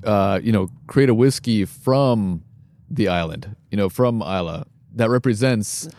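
A man's voice: on the low side, a little slow, a little mellow, dry recording, studio quality. A man co-hosting a casual podcast, talking with many fillers and restarts. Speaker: podcast co-host. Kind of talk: casual chat.

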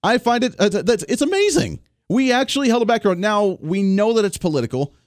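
A man hosting a talk radio show, giving an emphatic, animated political commentary monologue on a studio microphone. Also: high-pitched, a little fast, no room sound.

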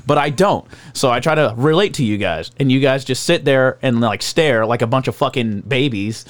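Profane, animated young man chatting. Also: mid-range voice, normal speed, dry recording. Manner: profane, animated, laughs often. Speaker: restaurant worker and comedian. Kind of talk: casual chat.

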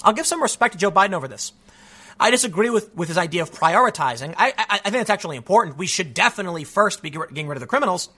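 A man with a high, bright, forceful voice delivering opinionated commentary on the news. He argues emphatically, stumbles into restarts and keeps tossing in "man" as he presses his point. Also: animated, racing, breathy edge. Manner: emphatic, argumentative, repeats "man", frequent restarts. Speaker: political commentator.

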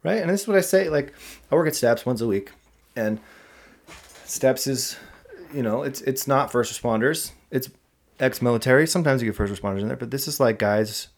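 A man hosting a casual podcast conversation, talking in an animated, emphatic way with preacher-like rises and drops. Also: medium pitch, brisk, gravelly.

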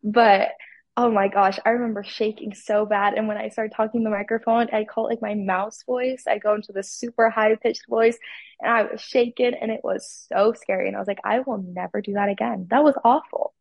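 A woman's voice: on the high side, fairly even intonation, brisk, no echo, dull audio. A teenage girl from Utah, a pageant titleholder, telling her story with enthusiasm in a casual interview. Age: teens.

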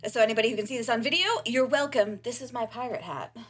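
A woman's voice: a little high, fast talker, breathy edge. A woman co-hosting a podcast, chatting playfully and reading out announcements. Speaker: podcast co-host. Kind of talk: casual chat.

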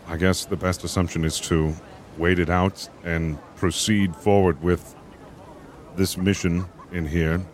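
Low-voiced man role-playing a captain. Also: a little mellow, a little hiss or hum. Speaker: player. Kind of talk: in-character tabletop role-play.

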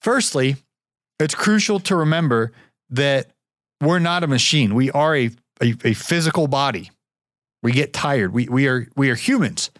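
A man's voice: mid-range voice, expressive, normal speed, a bit bright, no echo, clean studio sound. A man hosting a podcast, talking alone in a rambling, casual way, repeating words and chuckling now and then. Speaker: podcast host. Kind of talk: solo podcast talk.

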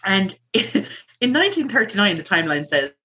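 A woman's voice: medium pitch, big pitch swings, fairly quick, bright, forceful tone. A woman hosting a casual podcast, chatty and giggly, presenting her research with lots of fillers.

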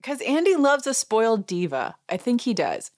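A woman's voice: fairly high pitch, sing-song, moderate pace, darkish tone. A woman hosting a podcast, casually recapping a show as an amused, chatty storyteller who laughs and acts out what others said. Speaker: podcast host.

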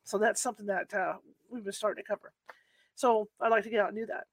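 His voice sits high with fairly even intonation, a quick pace, and a fairly bright tone, recorded with no room sound on a home computer setup. As podcast host of a live paranormal talk show, he rambles casually, restarting often, using lots of fillers, and laughing at himself.

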